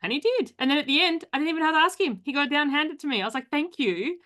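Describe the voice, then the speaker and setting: A woman hosting a podcast interview, talking casually with quick asides and frequent laughter. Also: sits high, animated, a bit bright. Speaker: podcast host.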